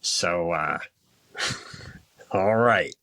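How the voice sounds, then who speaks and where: A man voicing his own inner self calling in to his podcast, with a slow, hesitant drawl full of sighs and pauses. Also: low voice, creaky, sharp tone, dry recording, pitched below the performer's own voice, exaggerated voice. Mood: wry.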